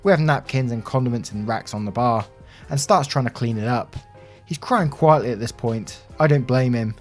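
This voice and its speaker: A man reading Reddit stories aloud in an expressive, animated narration. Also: medium pitch, moderate pace. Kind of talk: scripted story narration. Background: soft background music.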